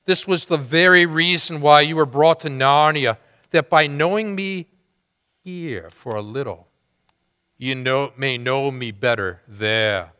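A man voicing a great noble lion, speaking low, soft and solemn in a reverberant hall. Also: measured pace, clean tone. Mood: tender. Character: Aslan, great noble male lion, gentle and wise.

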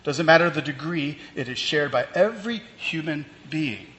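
A man's voice: fairly high pitch, animated, normal speed, a bit bright. A man preaching a sermon in a conversational way, with fillers and restarts as he explains the text. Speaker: pastor. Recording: long reverb, faint ambient noise.

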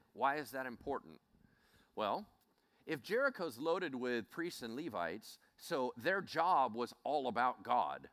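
A man preaching a Bible teaching in an animated way, acting out scenes as he speaks. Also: mid-range voice. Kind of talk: sermon.

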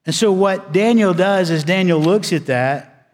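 Male preacher, fairly high voice, dramatic sermon pacing, long church reverb. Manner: preaching with dramatic pauses, swings between loud emphasis and hushed low delivery. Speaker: pastor.

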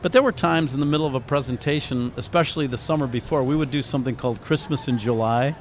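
Middle-aged man, earnest, reflective, heartfelt storytelling, medium pitch, faint background hiss. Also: quick pace. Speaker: interview guest, author and ministry founder. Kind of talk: emotional personal storytelling.

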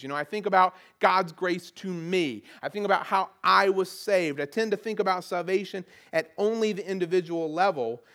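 A man's voice: high-pitched, fairly bright tone. A middle-aged man with a Southern American accent, preaching a conversational sermon and often repeating words as he restarts a phrase. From Southern United States. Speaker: pastor.

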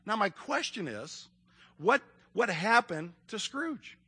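A man's voice: sits high, big pitch swings, slow pace, bright, forceful tone, slightly rough. A man preaching a sermon, earnest and emphatic, putting questions to his listeners. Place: room with an audience, evening service.

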